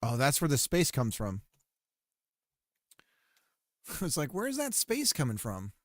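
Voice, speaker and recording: A man's voice: medium pitch, wildly swooping pitch, moderate pace, no echo, studio quality. Playful man musing aloud while coding. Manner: playful, muttering and repeating phrases to himself. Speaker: game developer streaming.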